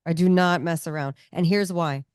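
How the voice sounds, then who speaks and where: Animated, emphatic woman guest with a lowish voice. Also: normal speed, clean tone, no room sound, clean studio sound. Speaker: guest, comedian and cookbook author. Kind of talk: casual interview chat.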